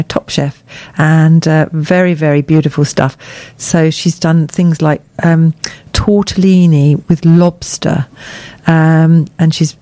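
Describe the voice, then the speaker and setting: A woman's voice: low voice, dark tone, dry recording. A woman co-hosting a radio show, chatting in a rambling, giggly way. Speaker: radio co-host. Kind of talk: casual radio chat.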